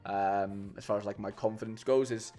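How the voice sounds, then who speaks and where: A man's voice: fairly low pitch, fairly even intonation, moderate pace, mellow, faint music behind. Chatty man on a live stream. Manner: chatty, rambling, many fillers and restarts, says "mate" a lot. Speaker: streamer building fantasy football lineups. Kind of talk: casual live-stream chat.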